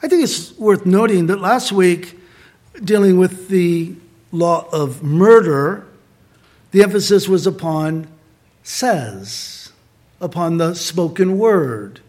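A middle-aged man preaching a sermon as pastor, earnest and conversational, slowing down to stress key points. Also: sits high, expressive, a little mellow.

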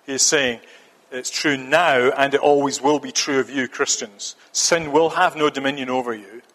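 A man's voice: mid-range voice, steady tone, normal speed, a bit bright. A man preaching a sermon, earnest and emphatic, often repeating a phrase for stress. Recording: long reverb of a church hall.

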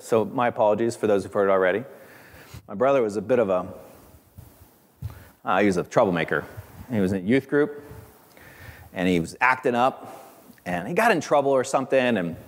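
A man preaching a sermon, animated and conversational, with friendly asides to the congregation. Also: mid-range voice, long reverb tail. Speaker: pastor.

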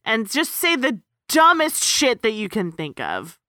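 Woman cohost bouncing all over in pitch, bright and dry. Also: no echo. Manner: animated, teasing, quick to correct. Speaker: podcast co-host. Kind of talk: casual chat.

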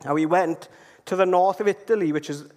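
A Welsh man delivers a storytelling sermon in a fairly high voice, chatty and easygoing, often pausing to ask his listeners "okay?". His words ring on with the long reverb of a large hall. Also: darkish tone. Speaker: preacher.

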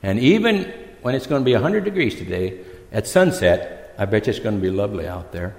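Male visiting preacher, lower voice, chatty and halting, echoey church. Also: lively intonation, vocal fry, a little mellow. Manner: conversational, halting, with many restarts. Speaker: guest preacher. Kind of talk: sermon.

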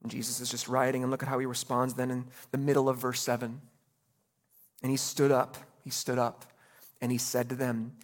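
A man preaching a sermon as pastor, animated, acting out voices in the story with quick asides. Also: medium pitch.

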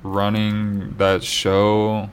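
A man co-hosting a casual podcast chat and reading news items aloud, halting with fillers and restarts. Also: lowish voice, monotone, clean tone. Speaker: podcast co-host.

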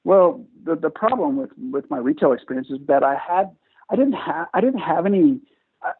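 A man guest in an interview, telling his story in a lively, self-mocking, chatty way. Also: a little high, moderate pace, husky. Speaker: guest entrepreneur. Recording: tinny phone-like line, dry.

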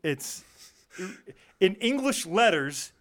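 A man's voice: high-pitched, sing-song, slow pace, a bit bright. A man hosting a casual chat, introducing bands and tripping over names. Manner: easygoing, stumbles over names. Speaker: show host. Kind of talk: casual radio-style chat.

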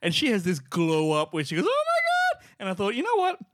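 Man podcast co-host, high voice that leaps around, dry close sound, jokey and crude. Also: fast, dry recording. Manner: expressive, jokey, swears, swoops into quoted voices. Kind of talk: casual chat.

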